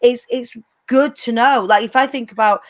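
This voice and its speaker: A woman with a strong northern English accent hosts a casual interview in a fairly high voice. She is chatty and thinks aloud, restarting her sentences as she goes. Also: steady tone, moderate pace. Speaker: podcast host.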